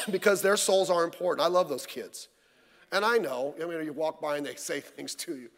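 A man preaches a midweek sermon, his voice sitting notably high for a man. He keeps it folksy and conversational, tossing rhetorical questions at the congregation. The sound rings with a long church-hall reverb. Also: moderate pace, fairly bright tone. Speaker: pastor.

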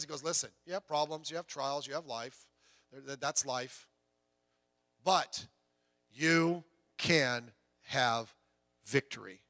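A middle-aged man preaching a sermon as pastor, telling stories with big swings from quiet asides to shouting, often stammering and repeating words. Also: mid-range voice.

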